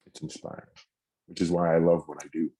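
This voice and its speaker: In a recorded masterclass on mental fitness, a middle-aged man speaks briskly in a very deep, dark voice with little pitch movement. Earnest throughout, he performs sample phrases in different tones to demonstrate how identical words can sound different.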